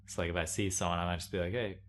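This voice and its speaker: A man's voice: low-pitched, fairly even intonation, very fast, a little hiss or hum. A young man rambling in a casual monologue, meandering and self-mocking, full of "like"s. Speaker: video blogger.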